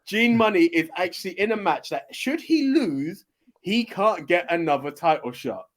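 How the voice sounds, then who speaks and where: A man with a high voice co-hosts a casual podcast. He talks in chatty, rambling stories, stumbling over "I, I" restarts as he goes. The tone is relaxed banter among friends. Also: moderate pace. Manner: chatty storytelling with stammered restarts. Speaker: podcast co-host.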